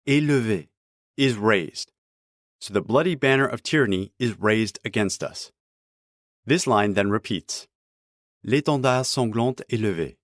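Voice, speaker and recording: A man calmly explaining text line by line as a language teacher, in scripted narration with careful, clear pronunciation of examples. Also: lowish voice, a little slow, no echo, clean studio sound.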